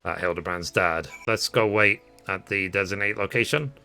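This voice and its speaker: A man's voice: low voice, normal speed, bright, forceful tone, smooth, soft background music. A man casually narrating quest steps during a game playthrough. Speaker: gaming guide creator.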